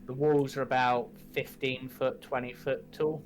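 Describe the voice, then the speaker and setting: A man narrating a tabletop game as game master, in slow, measured descriptions. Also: medium pitch, little pitch movement, noisy background.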